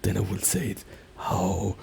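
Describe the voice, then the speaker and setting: A man talking softly and slipping into whispers in a soft-spoken ASMR video, often padding with "like" as he explains. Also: low-pitched, measured pace, vocal fry, a little hiss or hum. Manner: alternates soft talking and whispers, many "like" fillers. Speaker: ASMR creator. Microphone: binaural mic.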